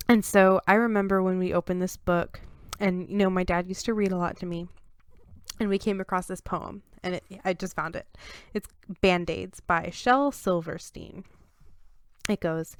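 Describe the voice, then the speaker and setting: A woman's voice: lowish voice, moderate pace, clear, resonant tone, no room sound, clean studio sound. A young woman hosting a casual solo podcast, laughing at herself as she stumbles through tongue twisters. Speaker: podcast host.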